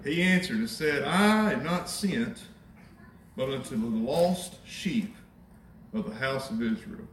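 A man preaching a sermon in a conversational, animated way, with wry asides to the congregation. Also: mid-range voice, slow, slight background noise. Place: church sanctuary. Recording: echoey church from a distance.

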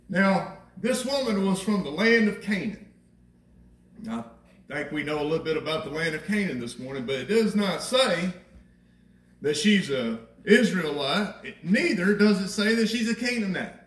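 A man preaching a sermon in a high voice, talking with his congregation and repeating himself for emphasis. His voice comes from some distance and rings through a roomy church. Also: lively intonation, a little slow. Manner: conversational preaching, rhetorical questions, repeats phrases. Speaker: pastor. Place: church sanctuary. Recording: echoey church from a distant mic.

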